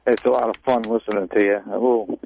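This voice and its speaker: A male caller to a radio show, speaking hesitantly and haltingly with many fillers. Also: fairly low pitch, steady tone, gravelly. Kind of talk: phone-in chat. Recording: tinny phone line.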